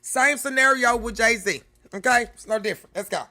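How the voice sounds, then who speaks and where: A man's voice: extremely high pitch, normal speed, sharp tone. A man hosting a reaction video, chatting casually and laughing often, calling viewers y'all and baby.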